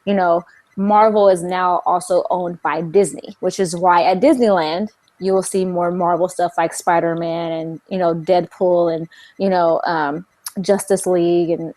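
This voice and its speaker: Chatty young woman, slightly low voice. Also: steady tone, moderate pace, a little mellow. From California. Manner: chatty, stacks up "like" and restarts. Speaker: podcast co-host. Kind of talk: casual chat.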